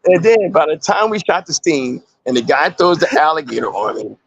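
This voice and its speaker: Gravelly man telling wild anecdotes. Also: a little high, a little fast, dry recording, muffled recording. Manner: animated anecdotes, acting out quoted voices. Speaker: actor guest. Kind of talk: casual interview storytelling.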